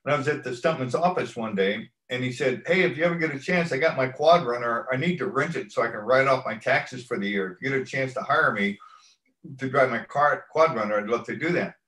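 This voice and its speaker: Telling a long story in a relaxed, meandering way, this stunt coordinator voices the quoted lines himself during an interview. He speaks fairly quickly in a mid-range voice with a sharp tone, and the low-quality audio is reverberant.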